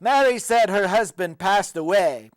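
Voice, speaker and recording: A man's voice: high-pitched, animated, unhurried, no echo. Louie, a man playing a boastful leprechaun. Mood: joking. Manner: joking, proud and hammy. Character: boastful big male leprechaun wrestling champ. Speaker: comedy host. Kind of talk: comedic character sketch.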